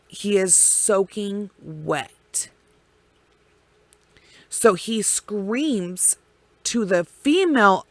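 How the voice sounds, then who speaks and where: Slow, blunt woman telling a true crime story. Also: medium pitch, a bit bright, no echo. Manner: blunt and profane, with heavy pauses.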